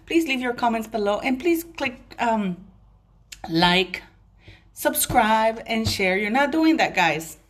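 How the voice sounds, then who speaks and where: Lady ranting at the camera, kinda high voice, keeps saying sorry for ranting. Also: animated, slow pace. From Commonwealth country. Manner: ranting, emphatic, apologetic asides. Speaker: vlogger. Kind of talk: opinion rant to camera.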